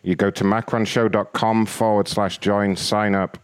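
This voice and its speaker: A man's voice: fairly low pitch, flat delivery, normal speed, clear, resonant tone, dry recording. A man hosting a prank call show, playful and crude, acting innocent on the phone.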